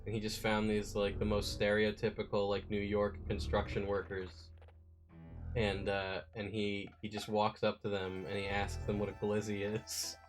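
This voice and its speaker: A man in casual stream chat, animated and swearing a lot while telling stories. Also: fairly low pitch, moderate pace, soft background music.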